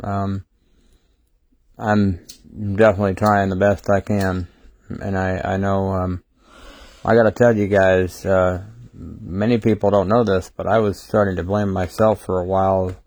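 A tired, sleep-deprived man hosting a casual livestream, talking haltingly with many fillers and restarts. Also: deep voice, little pitch movement, a little mellow, dry recording. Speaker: livestream host.

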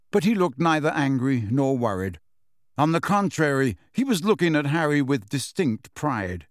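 A man narrates a scripted audiobook with expressive storytelling, speaking at a moderate pace in a mid-range voice. The recording is dry and studio quality.

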